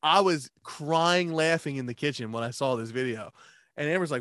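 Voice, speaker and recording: A man telling stories in a casual chat, animated, swearing a lot and laughing often. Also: mid-range voice, a little fast, dry recording, studio quality. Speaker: podcast co-host.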